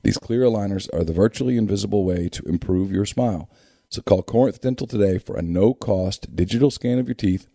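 A man co-hosting a sports talk podcast, reading sponsor spots and breaking down basketball teams in a steady, analytical way. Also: lowish voice, a little fast, vocal fry, no room sound, studio quality. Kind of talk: reading sponsor ads and casual sports chat.

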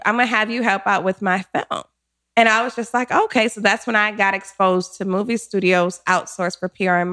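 A woman in her forties, a guest telling her career story in an interview, animated and quick to act out what people said. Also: medium pitch. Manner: animated, acts out quotes, laughs often.

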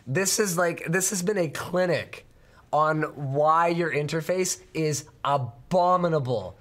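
Hoarse, sick man ranting on a podcast. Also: a little high, unhurried, fairly bright tone. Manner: exasperated, ranting. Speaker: show host. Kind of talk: casual podcast chat.

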